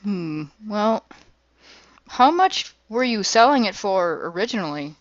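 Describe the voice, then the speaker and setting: A woman's voice: medium pitch, big pitch swings, measured pace, no room sound, lo-fi sound. A woman playing a tabletop game, talking in a polite, hesitant way. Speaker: player. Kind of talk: tabletop role-play.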